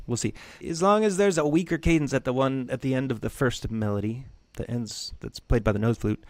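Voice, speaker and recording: A man's voice: mid-range voice, fairly quick, few pauses, no room sound. Man, music theory lecture, casual and chatty, dry close sound. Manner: loose, conversational, jokey asides.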